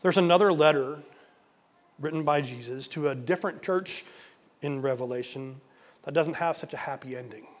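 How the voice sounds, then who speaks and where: Earnest pastor telling a story. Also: male voice, on the high side, moderate pace. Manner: earnest, drops to soft near-whisper, repeats words for emphasis. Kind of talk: sermon with storytelling.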